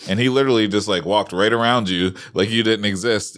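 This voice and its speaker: A man's voice: lowish voice, fairly quick, a bit bright, no room sound, clean studio sound. A man in his forties, a parent co-hosting a casual chat, easygoing and chuckling as he tells stories. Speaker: podcast co-host, parent.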